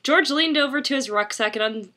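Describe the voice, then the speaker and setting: Bright, higher-voiced woman reading fanfic, bemused. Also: moderate pace. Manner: bemused, giggly, easily confused by the plot. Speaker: fanfiction reader and commenter. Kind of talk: casual mocking read-aloud.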